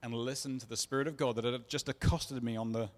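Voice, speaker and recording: A man's voice: medium pitch, fairly even intonation, fast. A man telling his personal testimony in a sermon, earnest and confessional, acting out the dialogue as he tells it. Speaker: preacher. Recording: long reverb of a large hall.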